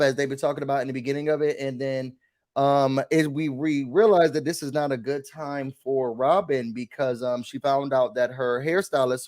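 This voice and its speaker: A man hosting a casual reality TV recap, chatting in an animated, gossipy way and mimicking cast members. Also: medium pitch. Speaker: recap show host.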